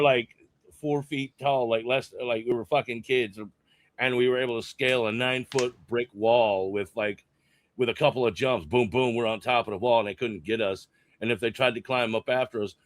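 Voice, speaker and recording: A man's voice: mid-range voice, no room sound. A man on a podcast telling a story in a rambling, restarting way, with swearing. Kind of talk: casual podcast chat.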